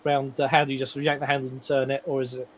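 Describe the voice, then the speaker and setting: A man's voice: mid-range voice, level tone, fast talker. A man playing a tabletop game, polite and inquisitive, asking the game master careful questions. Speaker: player. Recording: dull, lo-fi online audio.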